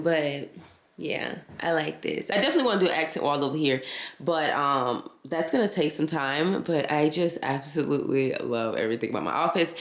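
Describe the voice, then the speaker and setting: Low-voiced, tired woman vlogging at home. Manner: chatty, addresses viewers as y'all and friend. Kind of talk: casual vlog chat to camera. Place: her home, indoor rooms. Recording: echoey room at home.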